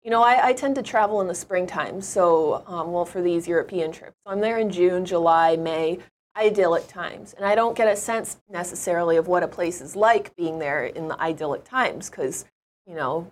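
A woman's voice: on the low side, normal speed. A woman guest on an interview show, chatting through her travel stories in an upbeat, rambling way. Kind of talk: conversational travel storytelling.

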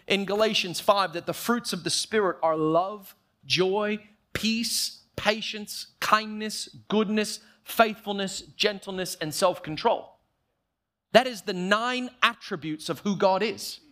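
A man preaching a sermon, emphatic, slowing down to stress key phrases and acting out short quoted prayers. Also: sits high, fairly bright tone. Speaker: pastor.

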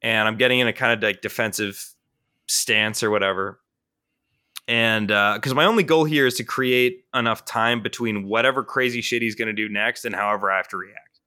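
A young man tells a story on a casual podcast, his voice bright and forward. He talks in an animated way, piles up fillers and swears freely. The recording is dry and close. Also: fairly low pitch, fairly quick, smooth, no echo. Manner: animated and profane, with frequent fillers. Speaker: podcast co-host.

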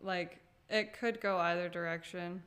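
A young woman co-hosting a casual book podcast, reasoning through her view with quick giggles. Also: fairly low pitch, steady tone, fairly bright tone, clean tone. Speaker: podcast co-host. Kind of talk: casual book club chat.

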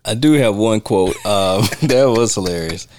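Man co-hosting with a lively, swinging pitch. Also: unhurried, slight background noise. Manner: relaxed, playful, swings his pitch widely. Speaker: podcast co-host. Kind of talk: casual film discussion.

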